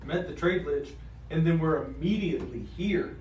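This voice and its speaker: Fairly high-voiced man player, echoey. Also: moderate pace, a little mellow, far from the mic, muffled recording, slight background noise. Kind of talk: casual tabletop game chat.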